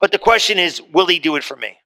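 A man preaching a sermon to a congregation, talking casually and swinging between loud quoted scripture and soft, low asides. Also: expressive, quick pace. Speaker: pastor. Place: church in front of a congregation.

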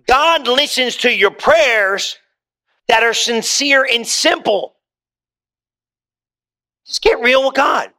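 A man delivering a sermon to a congregation, talking plainly and directly and then lifting into emphatic scripture reading. His voice sits high for a man and has a bright, sharp edge. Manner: conversational preaching, rising to emphatic reading of scripture. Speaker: pastor. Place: church hall with congregation.

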